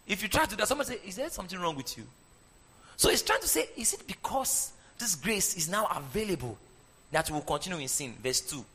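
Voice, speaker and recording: This pastor's voice is husky and high-pitched, and he speaks fairly quickly. Preaching animatedly in a reverberant hall, he leads call-and-response with the congregation echoing his words.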